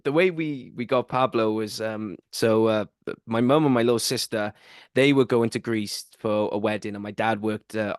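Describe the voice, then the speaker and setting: A man's voice: mid-range voice, no room sound, clean studio sound. A male podcast host, telling a rambling story in a casual chat, full of fillers.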